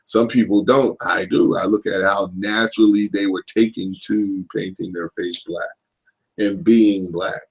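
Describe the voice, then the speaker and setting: A man in his thirties talks through a casual live stream with a gravelly, fried voice. His pitch sits fairly low. He rambles, swears freely, and keeps checking in with his listeners. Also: fairly even intonation, a little slow, rough recording. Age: 30s. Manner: rambling, profane, keeps asking "you know what I'm saying". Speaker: livestream host.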